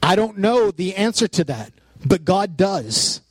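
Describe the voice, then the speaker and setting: A man in his thirties preaching a personal, animated sermon, with frequent restarts as he talks. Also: sits high, measured pace, no room sound. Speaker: pastor.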